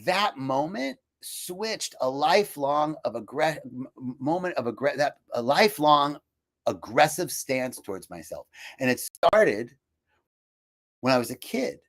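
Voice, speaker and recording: Man, mid-pitched voice, casual reflective talk with restarts and fillers; brings quoted voices to life. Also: a little slow. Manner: reflective, personal storytelling with frequent fillers and restarts; quotes himself and others in lively voices. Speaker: speaker for a healing retreat.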